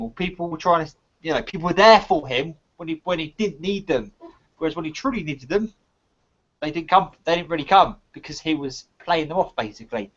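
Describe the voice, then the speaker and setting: A man co-hosting a casual live chat, patiently explaining a point by retelling a fable with lively emphasis. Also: fairly high pitch. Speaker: co-host of a live online chat. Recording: dull lo-fi stream audio.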